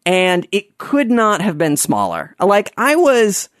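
A man's voice: sits high, huge pitch swings, slow, a bit bright, no room sound, studio quality. A man casually telling an anecdote, rambling with lots of fillers and restarts.

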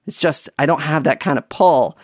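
A man's voice: fairly high pitch, normal speed, no echo, clean studio sound. A man casually telling an anecdote, rambling with lots of fillers and restarts.

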